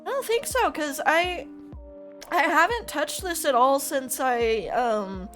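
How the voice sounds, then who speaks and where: A woman streaming live, her voice high and her talk slow and drawn out. She rambles anxiously, close to tears, breaking into nervous laughs, with faint music playing behind her. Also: animated, fairly bright tone. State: on the verge of tears. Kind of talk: casual live-stream chat.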